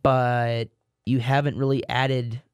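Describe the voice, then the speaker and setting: A man's voice: medium pitch, level tone, takes it slowly, smooth, no room sound. Rambling male sports podcaster, dry sound. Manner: rambling, repeats words, self-mocking asides. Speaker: podcast co-host. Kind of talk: casual sports chat.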